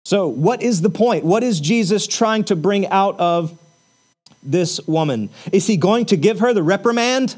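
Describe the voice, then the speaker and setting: High-voiced man preaching a sermon. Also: lively intonation, unhurried, darkish tone. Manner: conversational, with rhetorical questions and filler words. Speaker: pastor.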